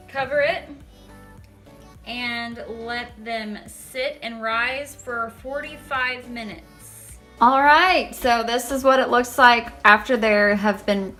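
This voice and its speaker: A young woman vlogs from her home kitchen while baking, her fairly high voice steady, slow, bright, and forceful. She chats casually, playful and self-deprecating, trips over her words, and faint music plays behind her.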